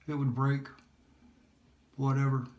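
Male shave-vlog host, laid-back rambling self-talk, mid pitch, echoey bathroom sound. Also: slow, a little hiss or hum. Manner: relaxed, rambling, self-talk while shaving. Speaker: shaving video host. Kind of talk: casual shaving vlog chat. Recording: echoey room.

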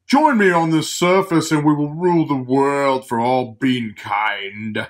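A man voicing a fanatical male cartoon bean who grandly preaches to his fellow beans in a slow, drawn-out voice. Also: medium pitch, lightly acted. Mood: grandiose.

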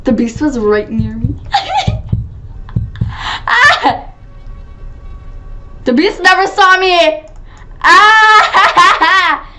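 Female gaming host, live commentary; high, very animated voice, slow delivery, prone to excited shrieks. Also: a little hiss or hum. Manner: excitable, gasping and shrieking at scares; chatty, talks to viewers as "guys". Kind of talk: playing a video game with live commentary.

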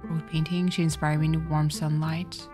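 A woman's voice: low voice, level tone, normal speed, music in the background. A woman streamer giving casual let's-play commentary, reading the game's text aloud and then getting tearful and swearing.

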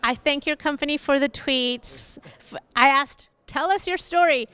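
A woman's voice: high voice, measured pace, sharp tone. A woman, a community manager, interviewing a guest at a tech event in a cheerful, welcoming way. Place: conference floor.

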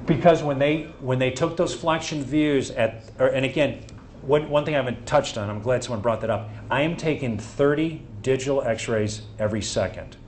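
This live medical presentation features a man at medium pitch and normal speed, his tone a little mellow, with slight background noise. Speaking to a room, he recounts cases as anecdotes, performing the quoted conversations he had with patients and doctors.

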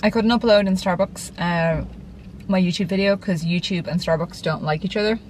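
A woman's voice: fairly low pitch, normal speed, darkish tone, a little hiss or hum, poor audio. An Irish woman chatting casually to camera from her car, rambling and self-deprecating. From Ireland. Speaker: vlogger. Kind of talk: casual vlog chat. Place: in a parked car.

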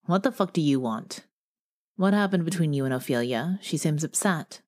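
A woman's voice: low-pitched, lively intonation, normal speed, darkish tone. A woman voicing a brash, hot-tempered young male bear shifter who talks bluntly and swears, in an audiobook. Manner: blunt and profane.

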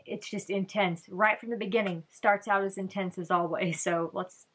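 A woman's voice: mid-range voice, steady tone, normal speed, fairly bright tone, slightly rough. A woman hosting a casual reaction video, chatting and thinking aloud, often restarting and trailing off.

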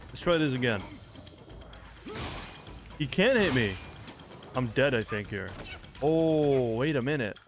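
Excitable young man streaming a game. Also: mid-range voice, slow, long pauses. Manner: excitable, swearing, shouting reactions. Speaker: gaming streamer. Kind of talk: let's play commentary. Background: game music.

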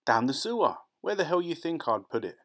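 A man's voice: mid-range voice, lively intonation, moderate pace, lightly acted. A man voicing a blunt, skeptical filling-station worker who quizzes and doubts a visitor in a storybook reading.

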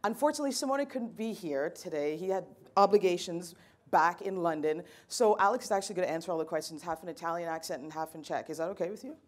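A woman's voice: on the low side, fast. Chatty woman moderating a panel. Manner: chatty, playful, lots of fillers. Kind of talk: hosting a live panel talk.

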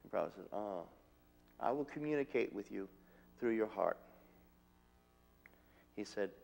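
Man recalling his teacher in an interview, earnest, fairly low voice. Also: a little mellow. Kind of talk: reminiscing interview.

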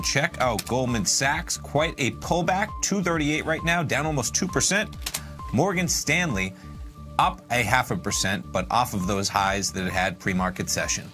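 A man hosting a live market news update, reading prices in brisk, casual broadcaster patter with a dry sarcastic edge. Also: medium pitch, expressive, over music.

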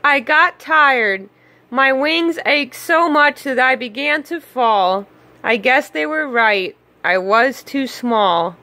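Woman as proud little storybook duck, squawky, high, bright. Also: expressive, slow pace, no room sound, full character voice. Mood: tearful. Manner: indignant and squawky.

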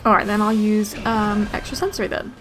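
A young woman giving excitable, gasp-filled commentary while playing a video game and thinking aloud. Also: medium pitch, fairly quick. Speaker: gaming let's player. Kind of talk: casual gameplay commentary. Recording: faint game music behind.

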